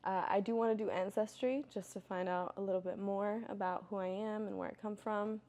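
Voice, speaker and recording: A young woman chatting candidly as she answers viewer questions, filling her talk with "like" and "you know" and getting loud and lively when she tells a story. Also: medium pitch, brisk. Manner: gets loud and animated when telling stories. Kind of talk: casual Q&A chat.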